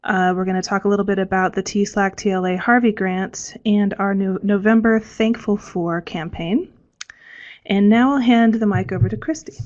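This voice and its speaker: A woman's voice: mid-range voice, fairly even intonation, normal speed, darkish tone. Woman MC on muffled online audio. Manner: friendly, hesitant, with many fillers. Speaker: communication strategist and forum MC. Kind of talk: online presentation.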